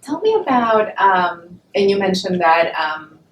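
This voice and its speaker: A woman interviewer in an oral history, offering brief murmurs and gentle prompts. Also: mid-range voice, big pitch swings, measured pace. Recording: roomy room sound with faint noise.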